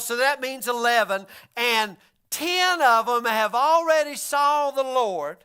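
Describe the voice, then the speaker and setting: High, bright-voiced folksy preacher. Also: male voice, clear, resonant tone. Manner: folksy, animated storytelling. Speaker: pastor. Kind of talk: sermon.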